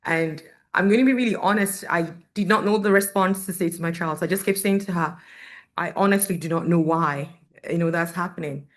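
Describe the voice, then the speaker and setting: A Canadian woman in her thirties, speaking as a parent at a community forum, gives earnest, candid personal testimony to an audience. Her voice is fairly low and a little fast, and she tells her story with quoted dialogue.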